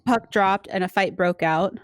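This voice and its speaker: A woman's voice: mid-range voice, measured pace, no echo, clean studio sound. A woman co-hosting a podcast, telling stories in chatty casual talk full of fillers. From Canada. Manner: chatty storytelling, lots of fillers. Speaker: podcast co-host. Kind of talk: casual chat.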